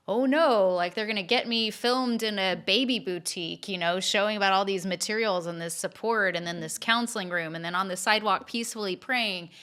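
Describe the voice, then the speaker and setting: A woman with a bright, forceful voice tells a story on a podcast. She talks in a lively, conversational way, trips over her words and restarts, and keeps her pitch in a middle range. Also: clean tone. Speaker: podcast co-host telling stories. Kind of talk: casual storytelling chat.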